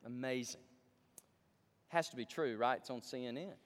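A male pastor preaching a sermon in a large church sanctuary, emphatic, swinging from hushed pleading to loud excitement. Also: mid-range voice, moderate pace, big-room sound.

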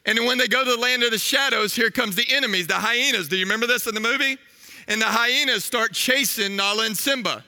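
A man in his thirties preaching a sermon, telling a story with animated energy and asking the crowd questions. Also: very high voice, fast, big-room sound.

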